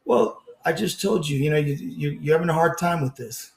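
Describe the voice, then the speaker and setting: A man's voice: a little high, expressive, fairly quick, gravelly, echoey room. A man debating who taunts and boasts, laughs at his opponent, and insists that he is winning. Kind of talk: heated online debate.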